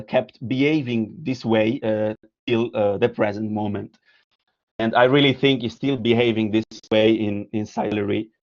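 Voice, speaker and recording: A man's voice: mid-range voice, a little mellow, muffled recording. A man with an Italian accent giving a lecture on his art, moving through slides and reading part of a story aloud, hesitant, with many fillers and restarts. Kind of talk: lecture presenting slides, partly read aloud.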